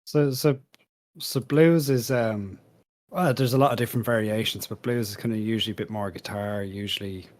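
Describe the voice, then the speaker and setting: Dry, teasing man, lower voice. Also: fairly even intonation, moderate pace, a little mellow. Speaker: podcast panelist. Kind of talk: casual podcast chat.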